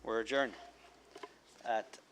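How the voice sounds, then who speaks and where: A man chairing a town committee meeting, running through motions and votes in a brisk procedural way. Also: lowish voice, fairly even intonation, a bit bright, slight background noise.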